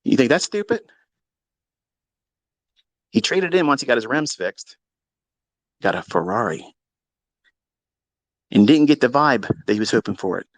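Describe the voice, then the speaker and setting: A man hosting a live audio chat, telling a long story in a profane, mocking, animated way. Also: mid-range voice, unhurried, pauses often, no echo. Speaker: Twitter Space host. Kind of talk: casual storytelling rant. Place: lives in Maryland.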